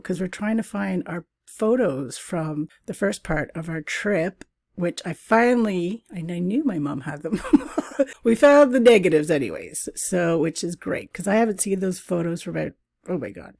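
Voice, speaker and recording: A woman's voice: fairly low pitch, creaky, darkish tone, dry recording, clean studio sound. A woman from Canada hosting her own travel podcast, talking in a chatty, casual way with frequent laughs and asides. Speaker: podcast host. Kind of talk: casual solo podcast chat.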